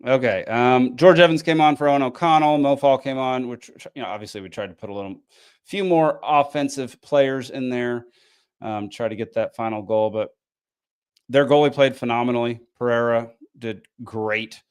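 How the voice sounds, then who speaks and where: A man's voice: medium pitch, normal speed, clear, resonant tone. A tired man, hosting a casual podcast and recapping a frustrating match with lots of ums and restarts. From American South. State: tired, yawning. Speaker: podcast host.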